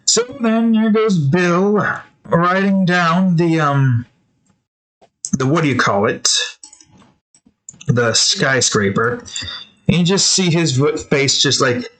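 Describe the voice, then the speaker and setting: A man's voice: on the high side, lively intonation, slow pace, long pauses, fairly bright tone, rough recording. A man hosting a drawing video, telling loose, meandering stories in a casual, slangy way with lots of self-corrections. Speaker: digital artist and channel host. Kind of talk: casual rambling commentary while drawing.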